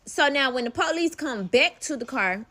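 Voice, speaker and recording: A woman's voice: sits high, animated, moderate pace, sharp tone. A young woman telling a personal story in a casual vlog, candid and profane, calling the listener "baby".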